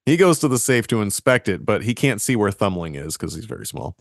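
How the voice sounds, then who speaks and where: A man, speaking a little low in a dry, close-miked sound. He retells a fairy tale casually, chuckling between jokes. His delivery is loose and playful. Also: sing-song, fairly quick, creaky, no echo. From Boston area. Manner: laughs often, loose and joking. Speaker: podcast co-host. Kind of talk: casual chat and story retelling.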